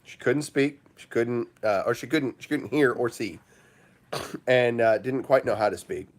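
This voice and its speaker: A man's voice: mid-range voice, measured pace, slight background noise. Guy doing a chill morning stream, rambles a lot, ums everywhere, laughs easy, mid-range voice. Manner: rambling, with frequent fillers, breaks into laughter. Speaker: livestream host. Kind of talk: casual livestream chat.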